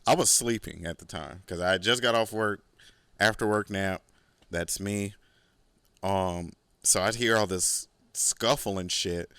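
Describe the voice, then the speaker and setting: A man's voice: low-pitched, unhurried, fairly bright tone, clean tone, no room sound. A man hosting a podcast, telling a rambling, profane story in a casual, laid-back way. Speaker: podcast host.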